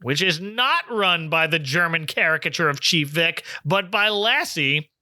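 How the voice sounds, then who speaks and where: Bright, high-voiced male podcast host. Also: expressive, a little slow, dry recording, studio quality. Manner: chatty, laughs often, quotes the scenes. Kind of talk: casual episode recap.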